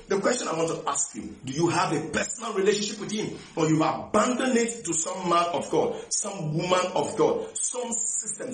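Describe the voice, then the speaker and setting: High-voiced preacher man in an echoey room. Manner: repeats phrases slowly for emphasis, drawn-out words; stumbles and restarts often, laughs between phrases. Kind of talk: sermon.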